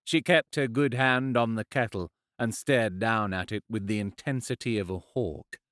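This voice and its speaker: A man narrates a fantasy audiobook with measured expression, his voice on the lower side. He's recorded on a close studio mic with no room sound.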